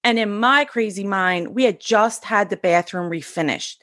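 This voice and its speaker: High-strung, sassy woman telling a story. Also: moderate pace, fairly bright tone, no echo, studio quality. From US East Coast. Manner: acts out quoted lines with big jumps in pitch. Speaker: podcast guest. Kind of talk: personal storytelling.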